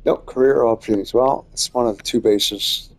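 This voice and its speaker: A man's voice: mid-range voice, moderate pace. A man talking casually over his own gameplay in a dry, wry way, muttering to himself. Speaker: gameplay video creator.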